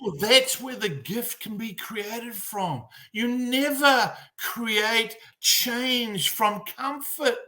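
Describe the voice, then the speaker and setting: A man's voice: very high-pitched, very slow, hardly any pauses. A middle-aged man from New Zealand with a New Zealand accent, a mental performance coach telling stories bluntly with a lot of swearing in a casual podcast chat. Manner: blunt, heavy swearing, animated storytelling.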